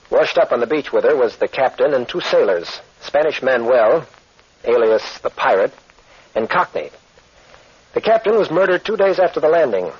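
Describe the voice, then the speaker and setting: An actor playing a steady, commanding adventurer captain, in 1940s radio acting on a dull old recording. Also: male voice, medium pitch, slightly rough.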